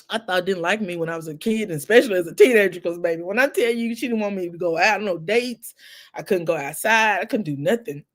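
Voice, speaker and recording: A middle-aged woman hosting a casual chat stream, telling emotional family stories with laughs and soft asides. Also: fairly low pitch. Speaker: host. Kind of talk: casual heartfelt storytelling.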